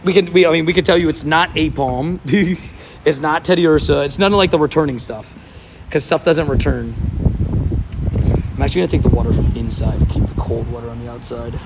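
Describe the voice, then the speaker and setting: Streaming live from a waterside park, this man speaks a little fast in a steady, higher-pitched voice. He's sweaty from the heat, talks to his chat in a relaxed way, and laughs a lot, while soft outdoor sounds run underneath.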